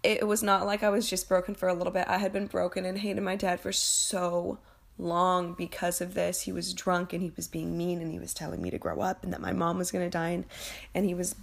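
A young woman telling a painful personal story in a candid, emotional way, swearing freely and often halting and restarting. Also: fairly low pitch, vocal fry.

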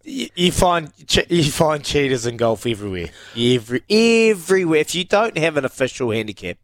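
A man's voice: a little high, very animated, brisk, dry recording. A male radio host in casual studio chat, talking to listeners and telling golf stories with frequent restarts. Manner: chatty, frequent restarts, talks straight to listeners.

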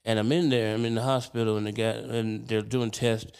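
A man, a comedian, telling hospital stories on a podcast in an animated, candid, profane way. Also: on the low side, fairly quick, vocal fry, clear, resonant tone. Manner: animated, profane, self-deprecating. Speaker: comedian guest. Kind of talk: casual podcast storytelling.

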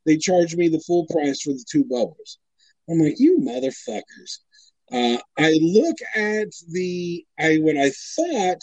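High-voiced man telling a profane story. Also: darkish tone, no echo, poor audio. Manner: profane, exasperated, acts out quotes. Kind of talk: casual storytelling.

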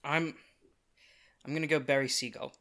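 A man playing his character in a tabletop game, who moves between heated outbursts and quiet, sincere speech. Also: a little high, fairly even intonation, moderate pace. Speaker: player.

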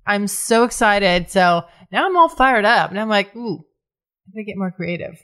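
A woman's voice: medium pitch, expressive, normal speed, fairly bright tone. A woman hosting her own podcast, talking frankly and casually on her own, swearing freely and often restarting her sentences. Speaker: podcast host. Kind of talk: candid solo podcast talk.

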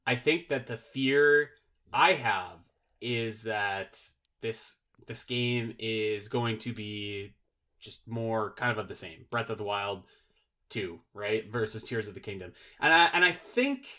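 A man's voice: on the low side, slow pace, pushed and bright. A man chatting casually as a podcast guest, rambling and filling his sentences with "like" and restarts. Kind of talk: casual chat.

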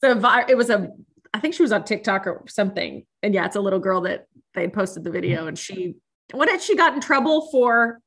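A woman's voice: medium pitch, brisk. A woman co-hosting a casual chat, telling stories and acting out what people said. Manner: animated storyteller, acts out quotes. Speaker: podcast co-host.

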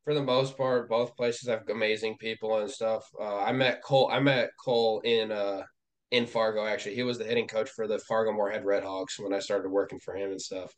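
A teenage man from the Dakotas, a guest on a podcast, talking in an easygoing, halting way with many restarts and fillers. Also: on the low side, steady tone. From the Dakotas, US Upper Midwest. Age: late teens. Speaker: podcast guest, baseball recruit. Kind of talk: casual interview chat.

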